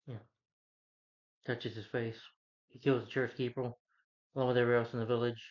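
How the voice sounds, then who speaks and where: A man's voice: mid-range voice, level tone, fairly quick, pauses often, highs cut off. A man giving a casual, rambling plot recap as a movie reviewer, earnest when praising the hero. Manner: rambling, loose retelling with restarts; earnest, heartfelt asides.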